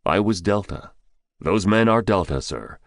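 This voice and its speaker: A man voicing a calm, terse former special-forces mercenary who answers in short, respectful replies. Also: sits low, a little slow, no room sound, clean studio sound.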